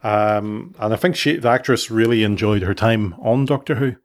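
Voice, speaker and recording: A man's voice: on the low side, normal speed. A middle-aged man, hosting a casual family podcast, chatty and full of questions. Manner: chatty, asks questions, restarts sentences. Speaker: podcast host.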